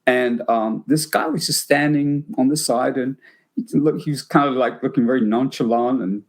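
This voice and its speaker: Older British-born host, mid-pitched, meandering anecdotal chatter. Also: male voice, normal speed. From Britain. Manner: rambling, many fillers and restarts. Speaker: podcast host. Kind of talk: casual anecdotal chat.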